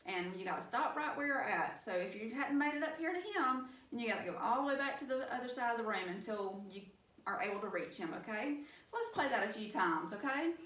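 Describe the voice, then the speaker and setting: A woman's voice: fairly high pitch, animated, a little fast, fairly bright tone, reverberant, distant mic. A woman with a Southern US accent teaching young children a phonics lesson, upbeat and encouraging. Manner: upbeat, encouraging, addresses class with y'all. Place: classroom.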